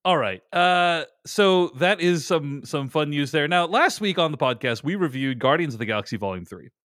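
Chatty male podcast host, kinda high voice, restarts a lot, dry close mic. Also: expressive, normal speed, fairly bright tone, no room sound. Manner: talkative, hedging with restarts. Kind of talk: casual podcast chat.

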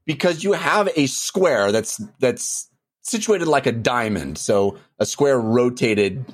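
A man's voice: mid-range voice, lively intonation, takes it slowly, dry recording, studio quality. A man hosting a podcast, talking enthusiastically and rambling a bit, with lots of fillers. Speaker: podcast host. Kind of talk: casual podcast chat.

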